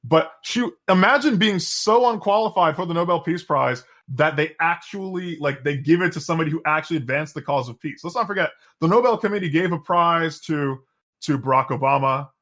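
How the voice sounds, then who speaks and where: Bright-voiced sardonic male podcaster. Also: fairly high pitch, expressive, a little fast. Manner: sardonic, rambling, with repeated restarts. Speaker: podcast co-host. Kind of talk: casual political chat.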